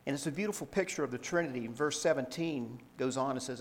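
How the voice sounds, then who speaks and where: A man preaching a sermon, reading scripture aloud in a measured way and explaining it to the congregation. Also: medium pitch, in a large hall, low-quality recording. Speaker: pastor.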